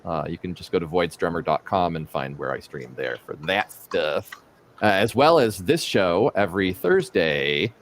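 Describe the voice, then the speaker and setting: Male co-host, low voice with a very animated pitch, rambling and jokey, faint hiss under the audio. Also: moderate pace. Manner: rambling, jokey, breaks into silly voices and singing. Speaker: co-host of a live art stream. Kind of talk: casual live-stream chat.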